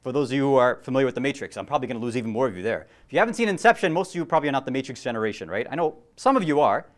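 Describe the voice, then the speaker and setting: A man's voice: medium pitch, lively intonation, rapid-fire. A young man giving a casual religious lecture, chatty and joking, often putting questions to his audience.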